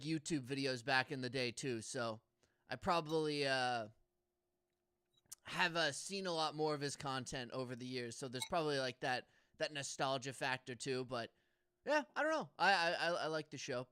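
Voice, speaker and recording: A man's voice: medium pitch, pushed and bright, clear, resonant tone, no echo, clean studio sound. A young man co-hosting a casual comedy podcast, rambling and stammering through restarts. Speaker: podcast co-host.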